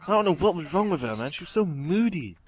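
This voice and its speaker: A young man comments casually over gameplay, giggling and rambling with fillers. His voice sits high and is very animated, and he speaks at a quick pace.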